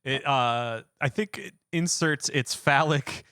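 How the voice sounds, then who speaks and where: A laid-back man co-hosting a podcast, talking casually and laughing often. His voice is bright and forceful at a middle pitch. The recording is dry and close. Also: takes it slowly, smooth, dry recording. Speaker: podcast co-host.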